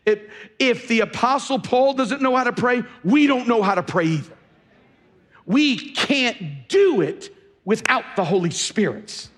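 An unhurried male pastor with a very high-pitched, slightly bright voice and lively intonation preaches in a large hall. His sermon tells a story through quoted speech before building to fervent exhortation.

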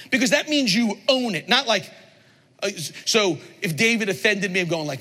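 A man in his forties preaching a sermon as a pastor, playful and animated, with sudden emphatic outbursts, in a large church hall. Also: sits high, normal speed. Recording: long hall reverb.

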